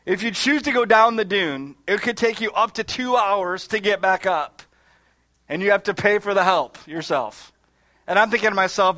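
A man's voice: sits high, moderate pace, sharp tone. A man from Michigan preaching a sermon, telling a story with quoted asides and frequent restarts. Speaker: pastor.

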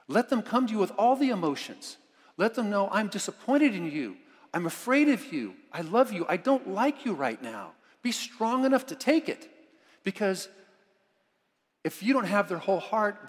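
A male pastor giving a conversational, enthusiastic sermon with many restarts, recorded in a church. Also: sits high. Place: church sanctuary. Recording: long reverb of a church hall.

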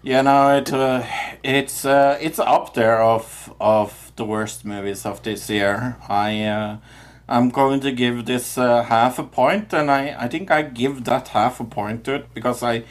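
A man co-hosting a movie review podcast, talking casually and haltingly with many fillers. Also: mid-range voice. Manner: halting, many "uh"s, enthusiastic about favorites. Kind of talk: casual chat.

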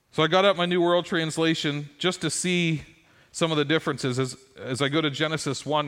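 A middle-aged man, a pastor, preaching a sermon and telling stories with rising emphasis. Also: a little high. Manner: animated storytelling with rising emphasis.

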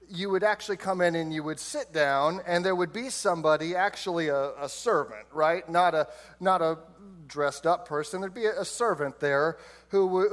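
A man preaching a sermon, telling the story with humor and playful put-on voices for the characters. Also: on the high side. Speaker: pastor.

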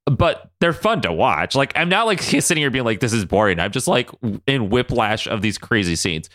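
A man's voice: mid-range voice, very animated, normal speed, a bit bright. A young man co-hosting a podcast, recapping a cartoon episode in casual chat, laughing often and acting out the characters' lines. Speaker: podcast co-host.

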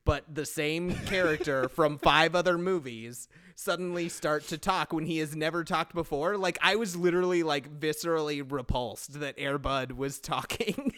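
Man co-host, casual chat, lively rambling delivery, clean resonant tone, pitched a bit high. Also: normal speed, hardly any pauses. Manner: animated, swearing, rambling with restarts. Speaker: podcast co-host. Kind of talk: casual chat recapping a movie.

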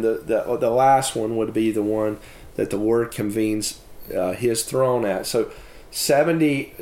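A man shares a personal testimony and reads scripture aloud, speaking haltingly and restarting his sentences. His voice sits at a middling pitch. The room around him adds a clear echo. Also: warm tone. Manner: halting, with many fillers and restarts. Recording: echoey room.

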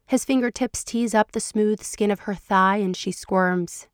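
Woman narrator, fan fiction reading, soft, intimate, dry, mid-pitched. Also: steady tone, measured pace, few pauses, no room sound. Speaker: podcast narrator.

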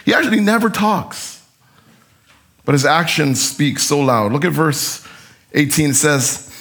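Guy preaching in church, kinda high voice, chatty, gets the crowd repeating stuff. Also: lively intonation, normal speed, bright, forceful tone. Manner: conversational, leads call-and-response with congregation. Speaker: pastor. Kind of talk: sermon. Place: church sanctuary.

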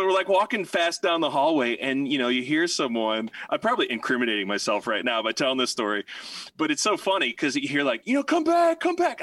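Bright-voiced rambling storyteller man. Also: on the high side, no room sound, recorded from a distance. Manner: rambling, animated, many fillers and restarts. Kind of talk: casual storytelling chat.

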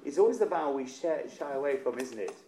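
A man's voice: medium pitch, expressive, quick pace, mellow. A man leading a choir rehearsal, coaching vowels and singing short lines to demonstrate. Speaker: choir director. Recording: roomy echo with faint instrument.

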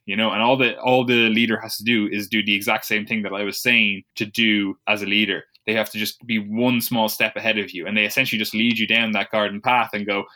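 A man's voice: on the low side, fairly even intonation, quick pace, sharp tone. A man in casual podcast chat, rambling and swearing, slipping into sarcastic voices to mimic people.

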